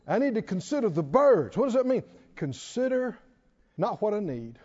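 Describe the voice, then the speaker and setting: A man preaching a sermon with animated delivery, repeating phrases and quoting scripture. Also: high-pitched, measured pace, husky, highs cut off. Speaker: pastor.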